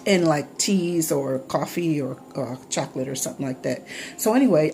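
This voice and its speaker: A woman's voice: deep voice, lively intonation, moderate pace, dark tone, slight background noise. A woman vlogger chatting casually to the camera while taste-testing her baking, rambling with many fillers. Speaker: vlogger, home baker.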